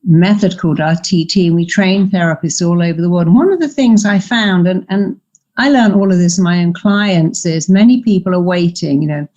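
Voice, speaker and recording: A woman's voice: on the low side, normal speed, a little mellow, lo-fi sound. An older woman, a therapist, giving emphatic coaching advice in a podcast interview and acting out quoted voices. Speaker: therapist and guest speaker.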